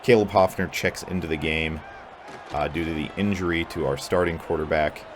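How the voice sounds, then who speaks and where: Low-voiced frustrated gamer doing play-by-play. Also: male voice, moderate pace, a little hiss or hum. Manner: frustrated, swears a lot, sarcastic, prone to angry outbursts. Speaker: gamer commentating his own play. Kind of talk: casual play-by-play commentary of a video game. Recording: game music clearly heard behind voice.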